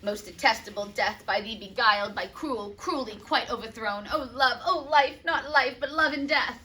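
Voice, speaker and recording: A woman's voice: fairly high pitch, normal speed, pushed and bright, distant mic, pitched above the performer's own voice. A woman voicing a bitter, jilted young nobleman with dramatic delivery.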